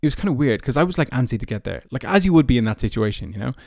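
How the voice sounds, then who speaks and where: An Irish man in his early twenties hosts his podcast, telling personal stories casually and loosely, with frequent fillers. His voice sits in a middle pitch. The sound is dry with no room echo. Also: sing-song, racing, vocal fry, darkish tone. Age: early 20s. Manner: chatty, many fillers like "like" and "you know". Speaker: podcast host.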